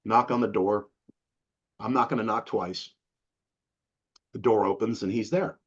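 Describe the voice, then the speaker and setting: A middle-aged man from Massachusetts, an interview guest telling stories in a casual, animated way, acting out the people he quotes with big jumps in his voice. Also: on the low side, a little slow, slightly rough. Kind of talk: casual storytelling. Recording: dull lo-fi sound.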